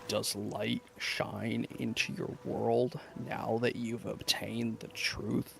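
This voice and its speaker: A streamer voicing a soft-spoken, cryptic young man as whispered role-play, speaking slowly and low, over game music. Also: level tone, gravelly, background noise. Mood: hushed, cryptic. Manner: slow, hushed, cryptic delivery.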